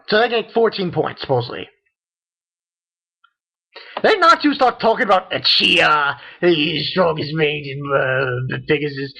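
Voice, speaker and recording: A man rambles through a casual review, excitable and full of fillers. His voice swings up and down a lot. The recording sounds dull and lo-fi. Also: fairly high pitch. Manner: rambling, excitable, lots of fillers and quoted character lines. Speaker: manga reviewer.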